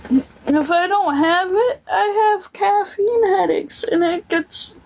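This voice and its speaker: A woman's voice: very high voice, slow pace, a little mellow. A woman ranting casually to camera in a rambling, aggrieved way, swearing freely. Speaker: vlogger.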